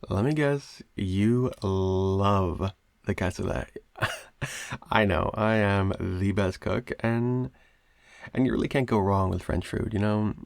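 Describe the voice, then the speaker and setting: A man's voice: fairly low pitch, vocal fry, a little mellow, no echo. A young man voicing a clingy, obsessive male roommate in an improvised audio roleplay, rambling and stammering with nervous laughs.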